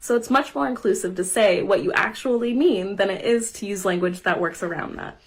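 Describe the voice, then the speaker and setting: A woman's voice: mid-range voice, a little fast, slightly rough. A woman earnestly explaining a point in a short video clip.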